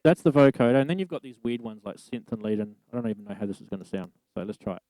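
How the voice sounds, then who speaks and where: A man's voice: on the low side, lively intonation, rapid-fire, dark tone. Casual man showing off gear, dry close voice with a long reverb tail. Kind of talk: casual demonstration talk. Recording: voice run through a reverb effect.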